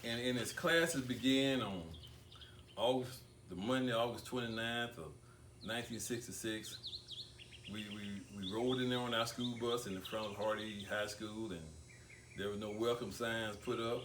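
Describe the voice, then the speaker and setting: An older man delivers a tribute at an awards ceremony, his low voice moving slowly and stopping to repeat words. He sounds distant, as if heard from across a reverberant room. A faint hiss of background noise sits under the speech. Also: fairly even intonation, a bit bright. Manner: deliberate speaker who repeats words, with long pauses. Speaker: speaker giving a tribute. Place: banquet hall. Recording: echoey room picked up from far off.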